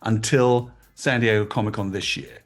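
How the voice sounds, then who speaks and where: A middle-aged man from England, a guest in an interview, telling animated, emotional stories about his past in casual chat. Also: lowish voice, moderate pace, soft background music. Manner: animated storytelling, emotional, self-deprecating. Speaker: guest, toy designer.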